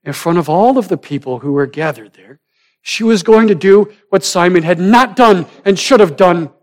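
A man preaching a sermon, swinging from loud, rising emphasis down to hushed, almost whispered lines. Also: high voice, moderate pace. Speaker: pastor.

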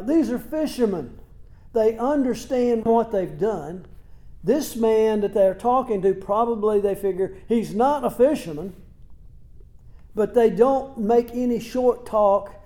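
Slow, mellow-voiced preaching man. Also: high-pitched. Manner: plain conversational preaching with rhetorical questions; retells scripture scenes in everyday words. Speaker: pastor. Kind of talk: expository sermon.

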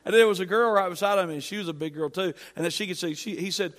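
A middle-aged man preaching from the pulpit, his voice sitting a bit high for a man. He drives his points with emphatic, building repetition and eases into humorous storytelling. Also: fast talker. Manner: emphatic, rising to loud peaks, storytelling with humor. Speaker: pastor. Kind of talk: sermon.

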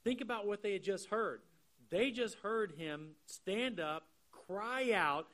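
A man preaching an expository sermon. He explains the text earnestly and slows down to stress key phrases. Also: high-pitched, a bit bright. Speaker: pastor.

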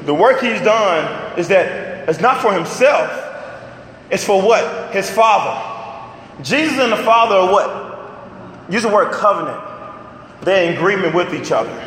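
A middle-aged man preaching in a large hall, his high, sharp voice ringing with a long reverb. He keeps throwing questions at the room and answering them himself, with a faint hum of ambience underneath. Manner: emphatic call-and-answer questions. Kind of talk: sermon.

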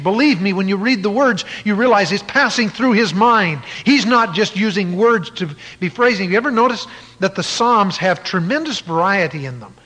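A man's voice: sits high, bright, forceful tone, long reverb tail. A man preaching a sermon in an emphatic way, at times spelling words out letter by letter.

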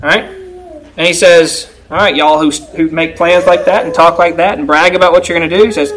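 A man's voice: fairly high pitch, fairly even intonation, moderate pace, fairly bright tone, slight background noise, poor audio. A man preaching a sermon to a congregation in a conversational style, often checking in with them by asking "right?". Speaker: pastor.

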